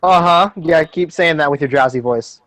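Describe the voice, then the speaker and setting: A man's voice: fairly high pitch, normal speed, fairly bright tone, a little hiss or hum, low-quality recording. A young man hosting a casual group chat over a voice call, joking and sarcastic, rambling on. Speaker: podcast host.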